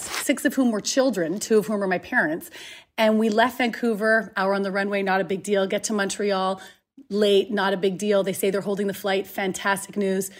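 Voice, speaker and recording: A woman from Canada, a guest on a video call, telling a long travel mishap story with energy and acting out the other people in it. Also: on the high side. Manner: animated storytelling, acts out other people's lines. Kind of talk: casual chat on a video call.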